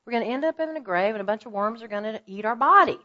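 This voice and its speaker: A woman in her fifties gives an earnest teaching talk to a room of women. She tells stories with lively asides and often pushes her voice up for emphasis. The audio is slightly dull and muffled. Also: on the high side, fast talker. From Oklahoma. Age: 50s. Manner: earnest, animated storytelling with asides. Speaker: women's ministry speaker.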